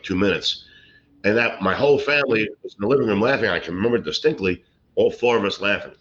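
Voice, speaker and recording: A middle-aged man, a comedian telling rambling stories and deadpan jokes in a casual interview. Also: deep voice. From Brooklyn, New York. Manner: rambling, joking, deadpan punchlines. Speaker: guest, comedian and actor. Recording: slightly muffled lo-fi recording.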